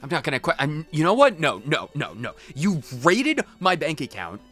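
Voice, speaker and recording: Exasperated ranting man, lively bright voice. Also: a little high, normal speed, soft background music. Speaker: let's play streamer. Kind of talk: in-character role-play commentary.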